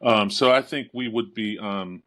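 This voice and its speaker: Male podcast guest, low voice, thoughtful, affirming. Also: fairly bright tone. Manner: thoughtful, affirming, quick to agree. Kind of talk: conversational theology discussion.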